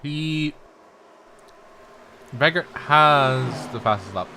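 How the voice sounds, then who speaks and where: A man's voice: medium pitch, expressive, very slow, creaky, sharp tone, slight background noise, low-quality recording. A man co-commentating a sim race, making dry, laid-back remarks. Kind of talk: live esports race commentary.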